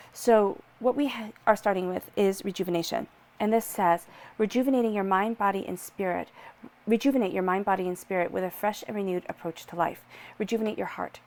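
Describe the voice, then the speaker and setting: Brief: woman tarot reader, gravelly fry, calm and reassuring delivery. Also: medium pitch. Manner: soothing, reassuring, drawn-out repetitions. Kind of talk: one-to-one tarot reading.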